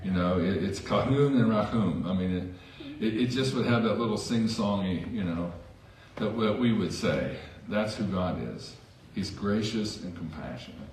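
A man's voice: sits low, normal speed, hardly any pauses, darkish tone, distant mic. A man preaching a sermon as pastor in a church, conversational with self-deprecating asides. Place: church sanctuary. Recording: echoey church hall from afar.

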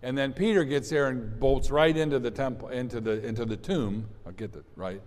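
A man's voice: mid-range voice, a little fast, a little mellow. A man preaching an Easter sermon as pastor, conversational and rambling, with restarts and asides to the congregation. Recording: long hall reverb.

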